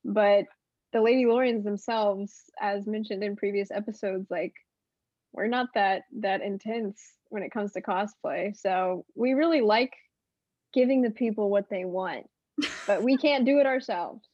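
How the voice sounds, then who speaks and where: A woman's voice: mid-range voice, measured pace, darkish tone, no echo. Upbeat woman host, dry lo-fi sound. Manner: upbeat, asks questions in rambling run-on sentences. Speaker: podcast host. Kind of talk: casual chat.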